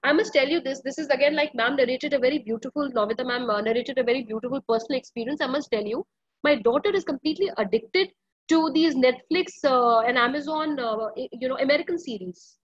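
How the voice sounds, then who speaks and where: A woman's voice: high voice, fast talker, no room sound, dull audio. A woman speaking earnestly to parents at an online school workshop, often pleading and using many fillers. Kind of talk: parenting workshop talk over a video call.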